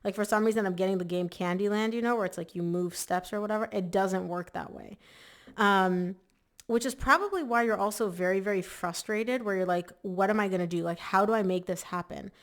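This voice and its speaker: A woman's voice: mid-range voice, brisk. A woman giving a casual, chatty tarot reading to camera, emphatic and full of "like" fillers. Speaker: tarot reader.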